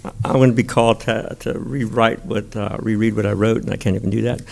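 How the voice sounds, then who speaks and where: Gravelly-voiced man making a motion. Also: fairly low pitch, little pitch movement, a little mellow. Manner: halting, restarts while making a motion. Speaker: school board trustee. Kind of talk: board meeting discussion.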